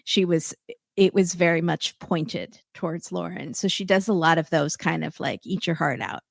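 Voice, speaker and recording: A woman's voice: lowish voice, normal speed, creaky, no room sound. Woman chatting wryly with a close, dry sound. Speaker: podcast guest. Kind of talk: casual chat.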